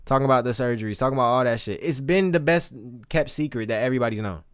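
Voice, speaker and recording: A man streaming casual, animated, profane commentary, reading lyrics aloud between remarks. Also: mid-range voice, fast, smooth.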